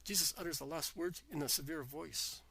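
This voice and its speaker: A man narrating a devotional text in an even, reverent reading voice. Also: on the high side, brisk, vocal fry, breathy edge, dry recording, low-quality recording.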